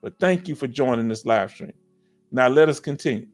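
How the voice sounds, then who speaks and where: A man's voice: medium pitch, normal speed, soft background music. A middle-aged man with a Southern US accent hosts a casual veterans' live stream. He reads viewer comments and keeps checking in with "you understand?". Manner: animated, preachy, keeps asking "you understand?".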